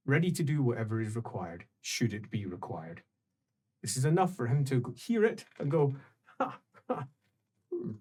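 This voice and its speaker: A man serving as game master, narrating an improvised tabletop game with unhurried, descriptive narration. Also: mid-range voice, darkish tone, husky.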